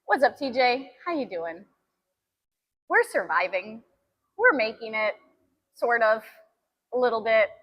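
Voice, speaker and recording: A woman's voice: a little high, expressive, measured pace, long pauses, lo-fi sound. Breathless chatty young woman streamer. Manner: breathless, chatty, trails off and restarts. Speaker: fitness streamer. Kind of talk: casual live-stream chat between sets.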